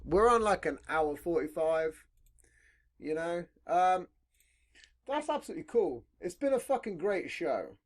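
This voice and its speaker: This is a man hosting a podcast in loose, casual chat. His pitch jumps up and down a lot as he talks, and he swears bluntly and rambles from one thought to the next. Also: very animated, a little slow. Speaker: podcast host.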